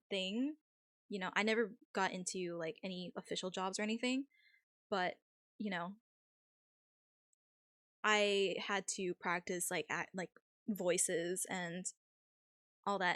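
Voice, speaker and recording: A woman's voice: medium pitch, fairly bright tone, no room sound, clean studio sound. A young woman streamer chatting casually with her viewers, rambling with lots of fillers and frequent laughs.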